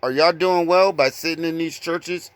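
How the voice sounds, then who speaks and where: A man preaching informally from scripture, confronting listeners with blunt rhetorical questions and reading verses slowly. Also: on the high side, fairly bright tone, clear, resonant tone, dry recording. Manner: repeated rhetorical questions, "guess what?"; reads verses slowly and deliberately.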